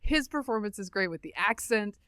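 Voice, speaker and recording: A woman's voice: medium pitch, lively intonation, fairly bright tone, no echo, clean studio sound. Opinionated woman co-hosting a podcast. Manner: opinionated, quick commentary on ads and politics. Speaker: podcast co-host. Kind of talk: casual chat.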